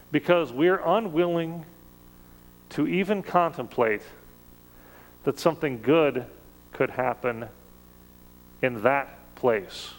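A man with a voice on the high side preaches a sermon in a measured, conversational way, rising emphatically on key words. The audio is poor and has a big-room sound.

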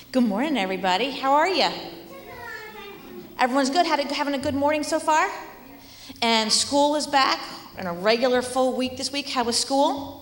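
A woman teacher giving a children's message at church, speaking animatedly to kids and sometimes dropping to a soft whisper. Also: sits high, expressive, normal speed, long pauses. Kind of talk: children's sermon. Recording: echoey hall.

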